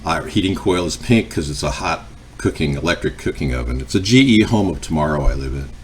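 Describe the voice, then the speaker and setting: A man's voice: extremely low pitch, expressive, brisk, slight background noise. A man hosting a live cooking stream from his home kitchen, rambling between the recipe and replies to viewers. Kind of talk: casual live-stream chat.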